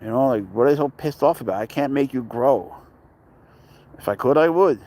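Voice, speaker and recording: A man's voice: mid-range voice, expressive, normal speed, dark tone. Rambling man chatting at a dog park. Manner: joking, talks to his cat and greets viewers. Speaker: pet owner vlogger. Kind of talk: casual rambling chat.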